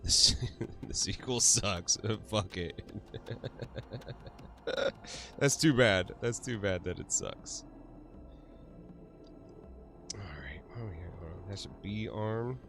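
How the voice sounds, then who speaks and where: A man's voice: on the low side, takes it slowly, pushed and bright, soft background music. A man hosting a casual livestream, laughing often, swearing freely and answering his chat. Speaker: livestream host.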